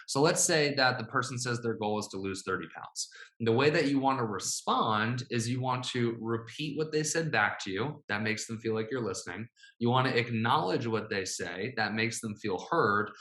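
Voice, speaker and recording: A man's voice: mid-range voice, sharp tone. A man teaching a sales messaging script as a coach, upbeat and often checking in with "right?". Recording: echoey room.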